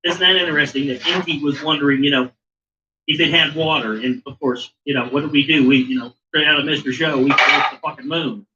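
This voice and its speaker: A man's voice: a little high, fairly even intonation, fairly quick. A man hosting a show, reading a book aloud and breaking off for casual, profane asides. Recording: muffled distant mic with faint hiss.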